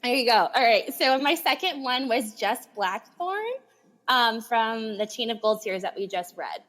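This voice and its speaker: A woman's voice: a little high, moderate pace, fairly bright tone. A woman co-hosting a book podcast, chatting with enthusiasm and frequent giggles. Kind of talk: casual book chat.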